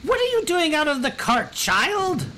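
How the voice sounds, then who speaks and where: A shrill, imperious noblewoman, put on by a man in a tabletop game, her voice pushed far above a man's usual range and strained in tone. She barks orders and scolds everyone around her. A faint hiss sits under the recording. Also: big pitch swings, moderate pace. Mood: scolding. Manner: shrill, imperious shouting in falsetto. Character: haughty robust noblewoman, bossy and shrill.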